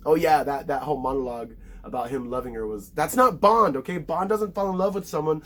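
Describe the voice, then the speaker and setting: A man's voice: on the high side, expressive, fast, few pauses, fairly bright tone. A man casually recapping a movie in a rambling, profane way, full of filler words. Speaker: film reviewer.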